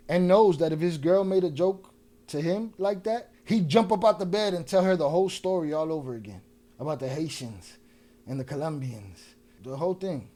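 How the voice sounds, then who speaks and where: Male host, heated reaction commentary, mocking and profane, higher pitch. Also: normal speed, dark tone. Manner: profane, mocking, talks back at the clip. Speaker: podcast host reacting to clips.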